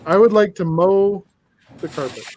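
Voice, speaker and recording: Rambling storyteller man, mellow voice. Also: sits high, normal speed, slight background noise. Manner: rambling storyteller, laughs often. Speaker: host of a building chat. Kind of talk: casual chat while building.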